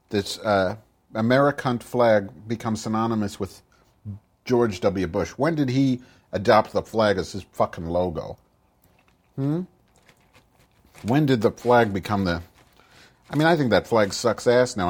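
A man's voice: lowish voice, breathy edge. A man voicing a cranky, foul-mouthed middle-aged woman who hosts a podcast and grumbles through profane, rambling rants in a comic monologue. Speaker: podcast host.

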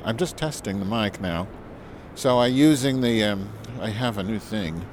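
A man's voice: lowish voice, moderate pace, a little mellow, slight background noise. A man rambling and joking crudely to his recorder outdoors, repeating silly phrases while testing a new windscreen. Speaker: vlogger. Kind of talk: rambling outdoor vlog, mic test. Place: outdoors with wind. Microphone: handheld recorder with windscreen.

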